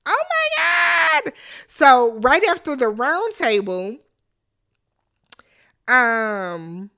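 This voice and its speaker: A sassy woman recaps a reality show in casual talk, her voice high and bright. She jumps into quick asides and acts out the players' lines. Her delivery stays animated.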